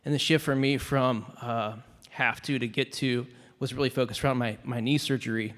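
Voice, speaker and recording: A man from the audience telling a personal story, hesitant and emotional, with many pauses. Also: medium pitch, steady tone, a bit bright, big-room sound. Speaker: audience member sharing a story. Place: large conference hall.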